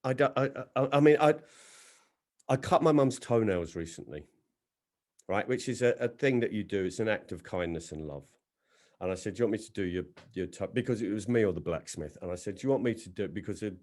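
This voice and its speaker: A man doing stand-up storytelling on a video call, swinging between loud acted quotes and low, dry asides. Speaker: stand-up comedian. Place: home setup on a video call.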